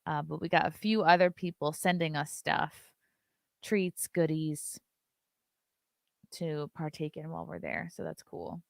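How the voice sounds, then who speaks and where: A woman's voice: low-pitched, steady tone, measured pace, creaky, no room sound, studio quality. A woman hosting a live-stream show, chatting loosely, reading viewer messages aloud and swearing casually.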